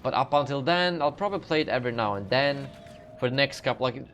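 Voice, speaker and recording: A man's voice: medium pitch, animated, quick pace, a bit bright, muffled recording, faint music behind. Young man rambling through a gaming Q&A. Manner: rambling, self-correcting, lots of fillers. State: sleepy, yawning. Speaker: gaming channel host. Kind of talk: live Q&A, reading and answering chat questions.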